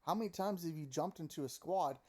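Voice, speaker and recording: A man ranting casually and profanely about a video game, animated and full of mocking quoted voices, recorded close on a desk mic at home. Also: fairly high pitch, a little fast. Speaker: gaming commentator. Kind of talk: casual opinion rant.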